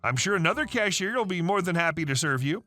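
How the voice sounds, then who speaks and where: A man's voice: high-pitched, expressive, fast, pushed and bright, soft background music. A man voicing a polite young woman cashier answering a rude customer.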